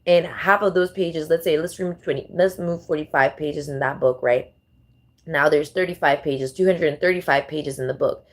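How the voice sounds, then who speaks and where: A woman hosting a casual vlog, rambling and thinking out loud as she fumbles through numbers. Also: deep voice, normal speed. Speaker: channel host.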